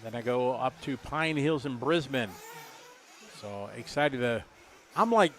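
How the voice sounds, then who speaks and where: A man's voice: medium pitch, lively intonation, unhurried, fairly bright tone, slight background noise. A middle-aged man doing live race commentary, chatty and rambling, joking with viewers.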